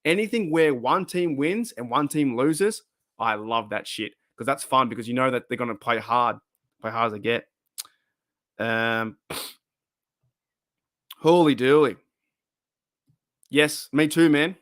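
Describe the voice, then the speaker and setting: A man's voice: mid-range voice, moderate pace, fairly bright tone, no room sound, studio quality. A man hosts a casual livestream, rambling and swearing as he answers chat, his voice wearing thin. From Australia. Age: 30s. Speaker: livestream host.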